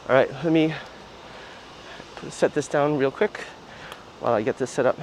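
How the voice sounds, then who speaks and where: A man's voice: a little high, expressive, a little slow, pauses often, a little mellow, slight background noise, low-quality recording. A man hosting a casual livestream outdoors on city streets, chatting in a rambling way with lots of fillers. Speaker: livestream host.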